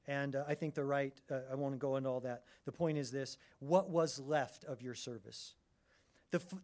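A middle-aged man preaching a sermon, animated and conversational, often restarting his phrases. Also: on the high side. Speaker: pastor.

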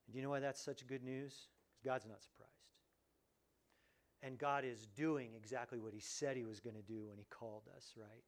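At normal speed and in a mid-range voice, the pastor preaches with animation. He moves between exclamations and soft lines, voicing the quoted characters himself.

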